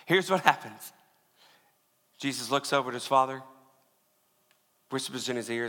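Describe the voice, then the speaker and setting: Bright-voiced preacher in a reverberant hall. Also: male voice, medium pitch, moderate pace, pauses often. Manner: conversational preaching with many restarts, drops to a hush. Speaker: pastor. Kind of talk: sermon.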